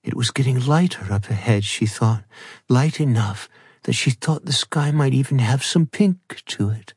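A man reading a novel aloud as audiobook narrator, in a steady, measured way. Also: mid-range voice, breathy edge, no room sound, clean studio sound. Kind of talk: scripted narration.

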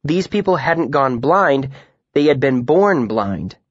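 A man voicing a poised, confident young female student telling a story in measured sentences. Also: mid-range voice, very animated, slightly rough, no room sound, muffled recording, heavily acted.

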